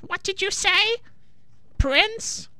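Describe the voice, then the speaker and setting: A croaking, half-deaf old witch. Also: expressive, very slow, bright, forceful tone, dry recording, exaggerated voice. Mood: scheming. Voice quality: croaking, very high.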